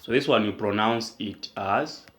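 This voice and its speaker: Slow, low-voiced man tutoring math. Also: a bit bright. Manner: explains step by step with question prompts. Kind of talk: whiteboard math lesson.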